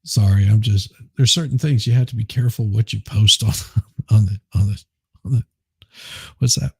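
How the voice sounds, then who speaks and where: A man's voice: on the low side, fairly even intonation, normal speed, breathy edge, dry recording, studio quality. A man hosting a live stream, rambling casually and chuckling as he reads chat. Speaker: livestream host.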